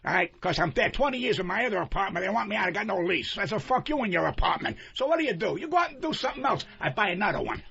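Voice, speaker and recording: Older male comic, high swooping voice, yelling profanities; dull radio sound. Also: very animated, racing, vocal fry, few pauses, husky. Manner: loud, yelling, profane, combative. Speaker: guest comedian. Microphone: studio microphone. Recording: muffled radio broadcast.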